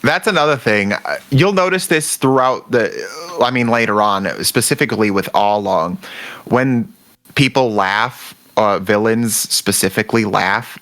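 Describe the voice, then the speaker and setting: Low-voiced rambling male podcaster. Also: a little slow. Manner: rambling, searches for words, animated when excited. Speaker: podcast co-host. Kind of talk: casual podcast chat.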